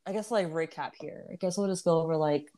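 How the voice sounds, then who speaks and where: A woman's voice: low voice, quick pace, warm tone. A woman in her twenties hosting a podcast, chatting candidly with lots of swearing, restarts and laughter. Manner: candid, profane, laughs often, many restarts. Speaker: podcast host. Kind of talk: casual chat.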